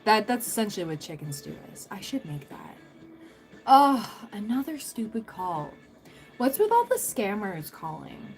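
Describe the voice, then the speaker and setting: A woman's voice: medium pitch, big pitch swings, measured pace, faint music behind, rough recording. A young adult woman hosting a tarot livestream, chatting casually with viewers, rambling through stories and laughing often.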